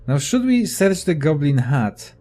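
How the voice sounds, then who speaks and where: A man's voice: a little high, very animated, a little slow, dark tone. Casual young man, swearing gamer. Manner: profane, offhand, thinking aloud. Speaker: let's play gamer. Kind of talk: casual gameplay commentary, reading game text aloud.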